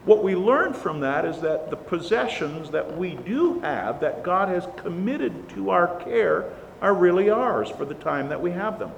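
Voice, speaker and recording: A man with a somewhat high voice preaches with earnest emphasis, leaning hard into the words he stresses. His voice rings out in a church sanctuary with a long reverb tail. A faint hiss sits under the recording. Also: sing-song, measured pace, vocal fry, lo-fi sound. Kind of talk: sermon.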